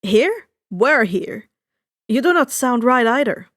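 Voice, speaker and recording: A woman's voice: on the high side, big pitch swings, takes it slowly, a bit bright, no room sound, studio quality, exaggerated voice. A woman voicing a skeptical ancient Greek sailor in a fan fiction reading, puzzled and wry.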